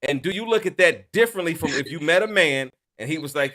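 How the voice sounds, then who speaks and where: A man leads a heated podcast debate, cutting in and asking others to hold on and calm down. His voice is bright and forceful, sitting a little high. It sounds like loose, unscripted talk among friends. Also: fast talker. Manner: interrupting, loud, urging calm. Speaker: podcast host.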